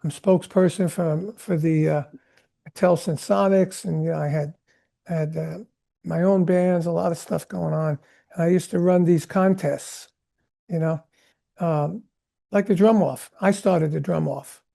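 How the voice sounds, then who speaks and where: Old guy, gravelly voice, chatty drummer guest telling stories, acts out the quotes. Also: on the high side, a little slow. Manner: animated rambling anecdotes, acts out quotes. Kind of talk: storytelling interview chat.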